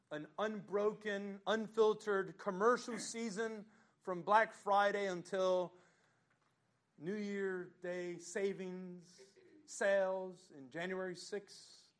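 Man, pastor, sermon, slow deliberate delivery, slightly high voice, dramatic loud-to-hushed swings. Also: fairly even intonation.

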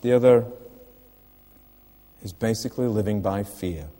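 A man's voice: fairly low pitch, measured pace, mellow, long reverb tail. An older man preaching a sermon in church, earnest, putting direct questions to the listeners.

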